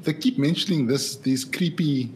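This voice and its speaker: A man's voice: fairly high pitch, moderate pace, darkish tone. A man co-hosting a casual movie podcast, rambling with many fillers as he talks. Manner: rambling, lots of fillers and restarts. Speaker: podcast co-host. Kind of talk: casual movie review chat.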